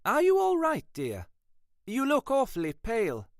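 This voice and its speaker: A woman's voice: a little high, wildly swooping pitch, unhurried, no echo, studio quality, voice pushed up, full character voice. A man doing a gushing, posh country wife. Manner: gushing, hospitable, fussing. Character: chatty genteel British country wife.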